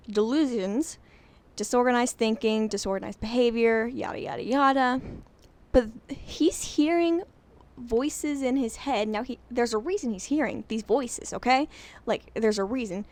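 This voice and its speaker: A woman commenting on game lore off the cuff, rambling and self-deprecating. Her voice sits slightly high, and she giggles between thoughts. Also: a little mellow. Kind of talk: casual unscripted analysis.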